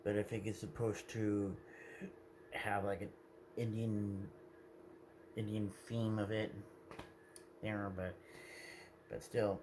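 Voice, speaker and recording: A man's voice: on the low side, little pitch movement, slow, long pauses, noisy background. A man talking to his viewers in a meandering, hesitant way, often correcting himself mid-sentence. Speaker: video creator. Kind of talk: casual rambling monologue.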